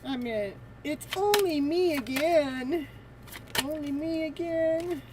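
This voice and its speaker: A woman's voice: sits high, takes it slowly, background noise. A woman giving a live tarot reading in a playful, teasing way, laughing often between her messages. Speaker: tarot reader.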